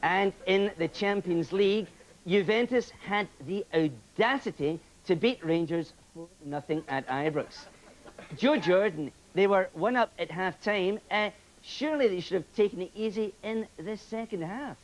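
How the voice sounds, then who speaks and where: A man's voice: high-pitched, lively intonation, measured pace, slight background noise, poor audio. A man playing a sardonic football host. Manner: dry, sarcastic delivery. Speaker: presenter. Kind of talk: sketch comedy.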